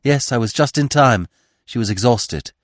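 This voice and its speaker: A man's voice: mid-range voice, expressive, moderate pace, no room sound, studio quality, close to an everyday voice. A man reading aloud, voicing a bold, confident young female acrobat who talks in a brash, breezy way.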